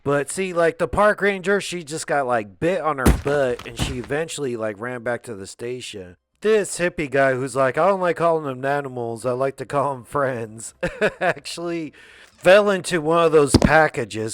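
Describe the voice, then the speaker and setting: A man's voice: medium pitch, noisy background. Laid-back man recapping a movie. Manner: rambling, laid-back, heavy on filler words.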